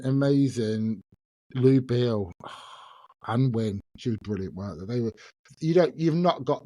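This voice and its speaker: A man's voice: mid-range voice, darkish tone, no room sound. A man, hosting a casual solo podcast and chatting in a self-mocking way, laughing often. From England. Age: 50s. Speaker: podcast host.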